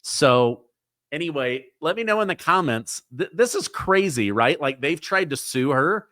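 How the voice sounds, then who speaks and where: A male host giving excitable, conversational news commentary. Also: fairly high pitch, unhurried, dry recording, clean studio sound.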